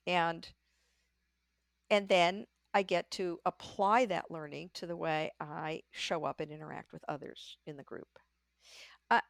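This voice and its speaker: An older woman, a leadership coach appearing as a podcast guest, tells candid stories about her career with lively energy, acting out the voices of people she quotes. Her voice is fairly low with vocal fry, captured in clean studio sound with no echo.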